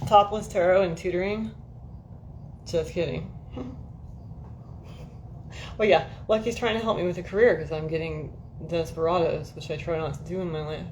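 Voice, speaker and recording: This livestream host talks casually to her viewers from indoors at home in an air-conditioned room, rambling, swearing freely and laughing at herself a lot. Her voice is lowish and a little mellow, with a bit of hiss or hum in the recording.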